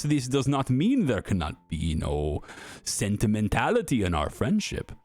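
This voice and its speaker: A man voicing a cold, menacing German official with a put-on German accent, speaking slowly and smugly. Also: lowish voice, darkish tone. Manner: slow, drawn-out, smugly threatening.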